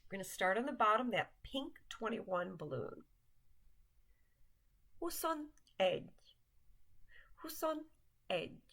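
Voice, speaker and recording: A woman leads a language lesson at a very slow, careful pace. She says each word deliberately and repeats it for learners, then explains in a plain mid-range voice. It sounds like a voice-over on lesson slides. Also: mid-range voice, very animated, pushed and bright. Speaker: language teacher.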